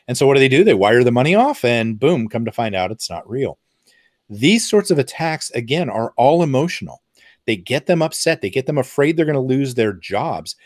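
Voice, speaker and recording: A man's voice: mid-range voice, big pitch swings, fairly quick, a little mellow, no echo, studio quality. A man giving an explanatory talk in a conversational way, with fillers and asides. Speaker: presenter.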